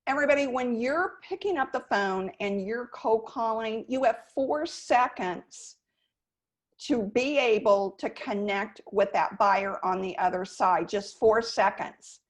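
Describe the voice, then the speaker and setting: Woman sales coach, host, lively conversational delivery, slightly higher pitch. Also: unhurried. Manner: lively, demonstrates phone intonation. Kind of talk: conversational interview.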